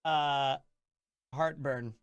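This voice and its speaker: A man's voice: mid-range voice, steady tone, drawn-out words, clear, resonant tone, dry recording, highs cut off. A man chatting casually on a live stream, enthusiastic and rambling, often restarting his sentences.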